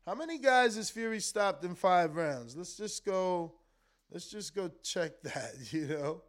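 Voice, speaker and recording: A man's voice: high-pitched, expressive, a little slow. A man hosting a live stream, chatting casually about boxing and answering his chat in a loose, argumentative way with some swearing and repeated words. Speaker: live stream host reading super chats.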